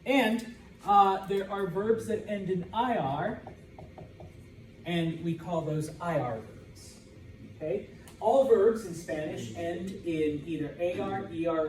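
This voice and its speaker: A man with a slightly high, darkish voice speaks at a measured pace, with a faint hiss or hum in the background. He's an American teaching a Spanish class in a loose, joking way, repeatedly asking students "okay?" to check they follow, and they answer back. The echoey classroom recording picks him up from a distance.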